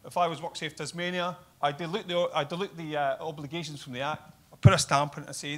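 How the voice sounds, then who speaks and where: A man's voice: on the high side, steady tone, fast, a bit bright. A man giving a workshop presentation at a seminar in a conversational, explaining manner. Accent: non-Australian. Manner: conversational, explains with diagrams, self-corrects. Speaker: guest speaker. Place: meeting room.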